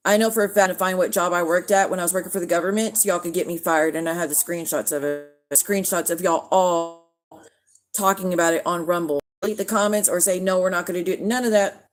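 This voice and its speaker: A woman's voice: fairly low pitch, fairly even intonation, fast talker, soft background music. A woman, hosting a livestream and ranting at viewers, swearing and calling them out by name. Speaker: livestream host. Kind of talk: casual livestream rant.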